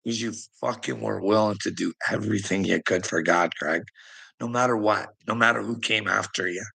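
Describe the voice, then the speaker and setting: A man's voice: fairly low pitch, steady tone, moderate pace, creaky, sharp tone, husky, low-quality recording. A man ranting in a rambling monologue to his viewers, chuckling often, swearing freely and needling people by name. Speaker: streamer talking to chat.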